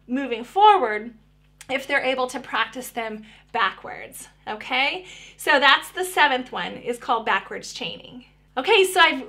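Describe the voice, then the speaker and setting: A woman's voice: high-pitched, pushed and bright. A woman speech therapist giving parents practical tips in a friendly, conversational way, often restarting her sentences.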